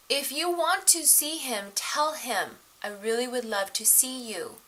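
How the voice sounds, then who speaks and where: A middle-aged woman giving casual relationship advice to the camera, animated and laughing often as she acts out the voices of others. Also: a little high, unhurried, few pauses, a little hiss or hum, low-quality recording.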